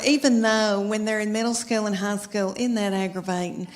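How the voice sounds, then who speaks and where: A woman's voice: medium pitch, moderate pace, few pauses, fairly bright tone, in a large hall, a little hiss or hum. A middle-aged woman doing stand-up comedy, telling family stories in a chatty, drawling way. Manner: chatty storytelling with drawled asides. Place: comedy stage with live audience.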